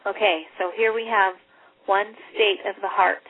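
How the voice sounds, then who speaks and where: A woman teacher reading aloud and lecturing in an earnest way, repeating passages and pausing often on fillers. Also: medium pitch, fairly even intonation, slightly rough. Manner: earnest, repetitive, with hesitant fillers. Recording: tinny phone-like line.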